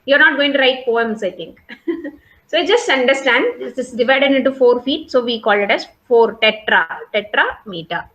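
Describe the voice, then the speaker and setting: A high-pitched woman teaches a college literature class over a video call. She explains slowly and patiently, repeats her points and keeps checking whether students follow. The sound is roomy, with a noticeable echo. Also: expressive, fairly bright tone. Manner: explains patiently, repeats points, asks "okay?" and "got it?" often. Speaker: college English lecturer. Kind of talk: online class lecture.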